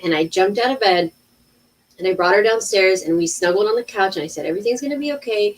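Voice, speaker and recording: A woman in her thirties, an intuitive healer talking casually on a livestream, animated, with many restarts. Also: medium pitch, fairly quick, far from the mic, low-quality recording. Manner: animated storytelling with acted-out quotes and many restarts.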